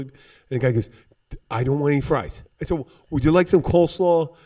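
A man's voice: fairly high pitch, fairly quick, few pauses, mellow, slightly rough, far from the mic. A man from Philadelphia hosting a casual podcast chat, telling brash, profane stories about bartending.

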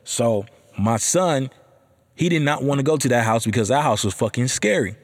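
A man hosting a podcast, telling a story about being a father in a casual chat, profane and heated, ranting with animated energy. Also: mid-range voice, moderate pace. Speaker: podcast host.

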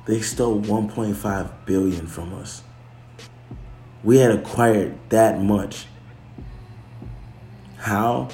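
Slangy low-voiced man in an echoey room. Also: a little mellow. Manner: loose and slangy, swears, restarts and self-corrects. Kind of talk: casual chat.

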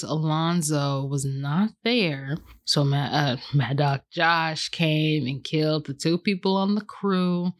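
A woman hosting a podcast, chatting casually and retelling a film with lots of fillers and sudden high-pitched acted outbursts. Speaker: podcast host reviewing a film. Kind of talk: casual chat.

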